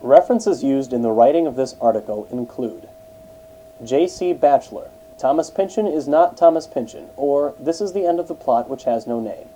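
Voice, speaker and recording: A man's voice: medium pitch, expressive, moderate pace, dark tone, slight background noise, poor audio. A man steadily reading an encyclopedia article aloud, spelling out dates in full. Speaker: narrator.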